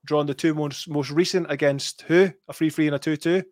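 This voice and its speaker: A Scottish man hosts a casual football podcast, his voice a touch high and recorded dry and close. He chats easily and quizzes his co-host with stats. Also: steady tone, brisk, a little mellow, no echo.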